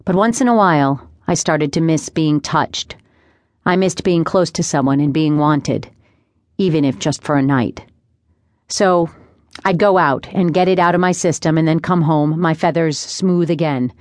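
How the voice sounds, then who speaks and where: Low-voiced woman narrating an audiobook. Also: measured pace, dry recording. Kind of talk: first-person audiobook narration. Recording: dry close studio sound.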